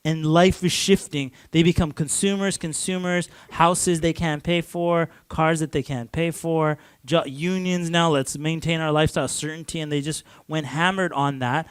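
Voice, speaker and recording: A man from Canada lectures a class in an easy, rambling way, full of "like" and little restarts, chuckling between points. His voice sits a bit higher than most men's. The sound is close and dry, with no room around it. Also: clear, resonant tone, dry recording.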